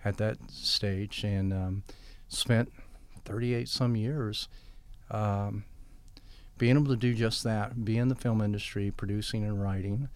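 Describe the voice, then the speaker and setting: A man's voice: fairly low pitch, steady tone, measured pace, clean tone, dry recording. An older man telling long stories in an interview and acting out quoted dialogue as he goes. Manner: rambling anecdotes with quoted dialogue. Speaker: guest. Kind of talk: storytelling interview.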